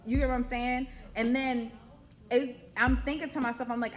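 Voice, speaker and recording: A young woman vlogger telling a casual storytime, animated, swearing and acting out her own panicked quotes. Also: on the high side, normal speed, faint music behind.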